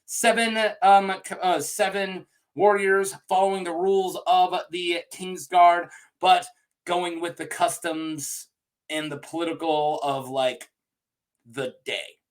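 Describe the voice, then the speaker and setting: Speaking slowly in a high, level voice, a man addresses his viewers in a rambling, unedited rant. As a video creator he makes it up on the spot, cracking jokes, restarting, and laughing.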